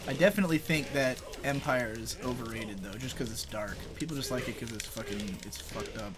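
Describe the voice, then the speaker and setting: A man's voice: mid-range voice, fairly quick, a loud crowd. A young man chatting casually while playing a fighting game, rambling and swearing, often laughing. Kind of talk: casual chat over gameplay.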